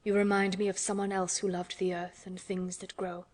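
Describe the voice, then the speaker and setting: A sad, worn-out gentleman from a storybook reading, speaking slowly and low in a subdued, tired way, as a woman narrator puts him on. He sounds distracted and heavy-hearted. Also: flat delivery, natural voice. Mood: weary. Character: weary, grieving middle-aged gentleman guardian.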